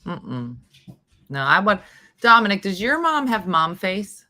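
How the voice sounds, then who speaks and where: A woman's voice: medium pitch, measured pace. A woman hosting a morning show, chatting casually and telling a story with acted-out quotes. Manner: animated storytelling, acts out quoted voices. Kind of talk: casual chat.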